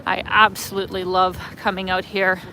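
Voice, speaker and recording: A woman's voice: mid-range voice, little pitch movement, moderate pace, sharp tone, rough recording. A woman vlogger leading a live walking tour outdoors on a city street, chatty and enthusiastic as she talks straight to viewers. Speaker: travel vlogger.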